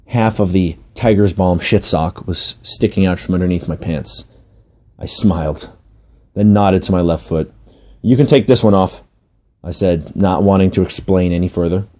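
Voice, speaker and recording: A man with a lowish, mellow voice narrating a comic personal story. He tells it in a wry, self-mocking way, leaning into the embarrassment. Relaxed, warm storytelling delivery. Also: moderate pace.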